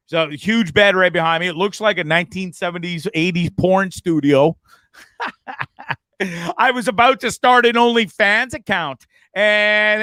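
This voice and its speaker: A man's voice: high-pitched, pushed and bright, clear, resonant tone, no room sound. A man hosting a casual live stream from a bedroom in the back of a bus, rambling and joking, then turning sentimental. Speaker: host.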